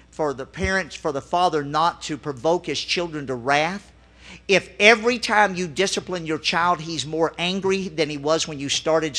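A middle-aged man tells a personal story from the pulpit in a relaxed, conversational way. His voice sits a little high and rings bright and forceful. He slips into his own remembered words as he goes.

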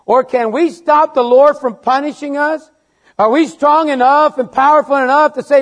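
A middle-aged man preaching a sermon, halting and repeating words, then building into emphatic refrains. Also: very high-pitched, fairly bright tone.

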